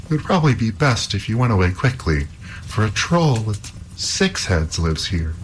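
A man's voice: fairly low pitch, very animated, normal speed, slight background noise, voice pushed up. A man reading a folk tale aloud, voicing a frightened young princess held captive by a troll, in an anxious, pleading tone. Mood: alarmed.

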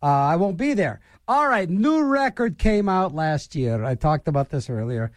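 A man's voice: on the high side, big pitch swings, normal speed, no room sound, studio quality. A man hosting a radio show, rambling through jokey asides and banter between songs. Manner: wisecracking, meandering, with sighs and jokey asides.

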